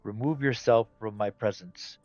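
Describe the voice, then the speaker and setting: A man's voice: lowish voice, normal speed, darkish tone, close to an everyday voice. A man reading as a weary aloof being. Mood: weary, dismissive. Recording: dull lo-fi audio, faint game music.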